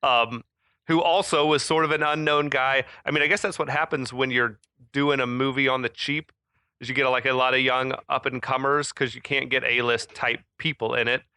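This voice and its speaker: Bright-voiced man chatting on a podcast. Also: mid-range voice, steady tone, normal speed, clear, resonant tone, dry recording, studio quality. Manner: chatty, laughs often, many fillers. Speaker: podcast co-host. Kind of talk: casual chat.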